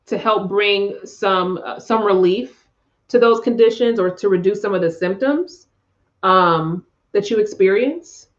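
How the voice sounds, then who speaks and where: Woman tarot reader, slow and heartfelt, emotional and spiritual, dull lo-fi stream audio. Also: mid-range voice. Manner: effusive, emotional, spiritual, with frequent laughs and sighs. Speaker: tarot reader hosting a live chat. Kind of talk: live-stream tarot reading.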